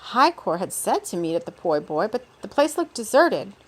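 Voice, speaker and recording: A woman reading her own story aloud in a relaxed way, stopping now and then for unscripted asides. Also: mid-range voice, normal speed. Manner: relaxed, with off-script asides and laughs.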